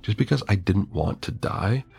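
A man voicing a calm young woman ghost who reasons in a matter-of-fact way in an audio story. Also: on the low side, normal speed, creaky, breathy edge, faint music behind, full character voice. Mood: thoughtful.

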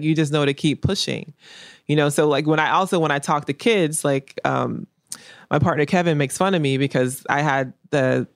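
In a candid, casual interview, a female painter speaks bluntly and repeats her main points to drive them home. Her voice is very deep, captured with clean studio sound and no echo.

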